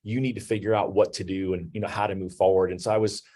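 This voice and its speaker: Low-voiced man hosting a business webinar. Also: steady tone, fast, mellow. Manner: conversational, many fillers like "you know" and "um". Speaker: host. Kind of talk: webinar talk.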